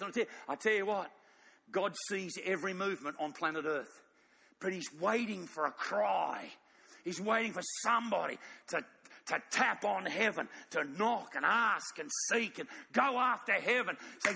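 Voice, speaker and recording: A man's voice: high voice, moderate pace, creaky, sharp tone, slightly rough. A man preaching a sermon in an emphatic storytelling way. He repeats phrases and puts questions to the audience. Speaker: pastor. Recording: long echoing hall reverb.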